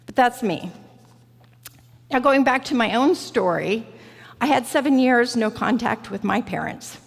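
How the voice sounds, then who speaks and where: A woman preaching a reflective, personal sermon in a church sanctuary, slow and deliberate. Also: fairly high pitch, vocal fry. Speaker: guest preacher. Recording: church hall reverb.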